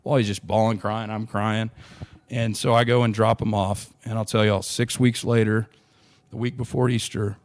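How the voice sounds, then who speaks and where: A man's voice: lowish voice, flat delivery, brisk. A young adult man, earnestly telling a long personal story in a podcast interview, with frequent restarts. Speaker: interview guest.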